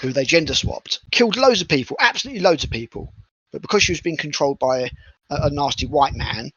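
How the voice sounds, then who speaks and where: A man's voice: fairly high pitch, lively intonation, quick pace, a bit bright, breathy edge, no echo, muffled recording. A man co-hosting a casual podcast chat, blunt and opinionated, swearing freely. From Britain. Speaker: podcast co-host.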